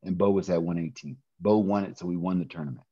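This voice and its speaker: A middle-aged man telling a personal story in a podcast interview, animated, often laughing and acting out quoted voices. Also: sits low, fast talker, slightly rough, dry recording, highs cut off. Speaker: interview guest, pro wrestler.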